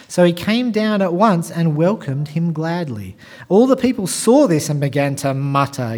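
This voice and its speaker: A man preaching a sermon as pastor, talking straight to his congregation and swinging from quiet asides to loud, emphatic passages. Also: fairly high pitch, expressive, moderate pace. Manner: addresses the congregation directly with rhetorical questions.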